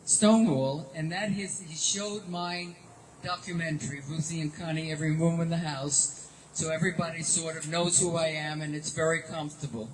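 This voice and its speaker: An older woman giving a heartfelt, rambling tribute speech at a gathering, affectionate and effusive. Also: deep voice. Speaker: tribute speaker. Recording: noisy live event audio.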